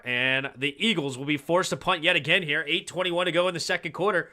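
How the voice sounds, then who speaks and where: A man on a home livestream calling a football game play by play, his voice very bright and slightly high. He keeps up a steady call and breaks into loud, excited reactions on big plays. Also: brisk. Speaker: fan livestream host doing play-by-play. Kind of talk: live play-by-play and analysis.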